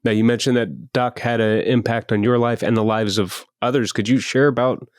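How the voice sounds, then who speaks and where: A man's voice: medium pitch, steady tone, normal speed, no room sound, clean studio sound. A man hosting a podcast interview, friendly and encouraging as he asks his guest questions. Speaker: podcast host.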